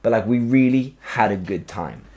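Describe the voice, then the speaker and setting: A man, hosting a podcast and telling a story in a casual, animated way, acting out quotes and swearing freely. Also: lowish voice, normal speed, crowd noise. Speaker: podcast host. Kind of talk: casual chat.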